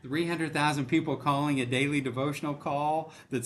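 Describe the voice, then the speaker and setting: A man's voice: fairly high pitch, fairly even intonation, brisk, fairly bright tone, slight background noise. Earnest man telling his story. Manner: earnest storytelling, emotional, acts out quoted dialogue. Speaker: bank CEO, guest. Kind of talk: conversational testimony in an interview.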